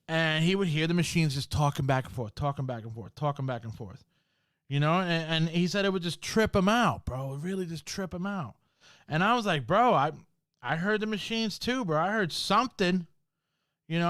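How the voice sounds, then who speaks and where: A man's voice: fairly high pitch, a bit bright, clear, resonant tone, no room sound, clean studio sound. A man hosting a podcast, telling a spooky story from work in a casual, slangy way, full of swearing and "bro". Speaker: podcast host.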